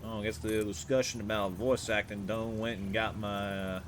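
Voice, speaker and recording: A man's voice: fairly low pitch, flat delivery, moderate pace, background noise, close to an everyday voice. A man putting on a drawling folksy twang. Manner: rambling, crude, chatty drawl. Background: game music.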